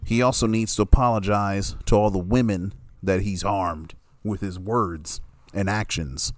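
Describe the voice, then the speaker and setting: Blunt, profane man with a deep voice. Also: fairly even intonation, moderate pace, dry recording, clean studio sound. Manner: blunt, heavily profane, emphatic; peppers speech with "you know what I'm saying". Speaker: commentator. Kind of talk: opinionated commentary monologue.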